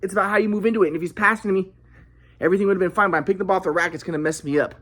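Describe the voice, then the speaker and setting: A man's voice: high voice, fairly even intonation, rapid-fire, fairly bright tone, echoey room. A man telling a personal story in a casual, rambling monologue, repeating himself while demonstrating moves.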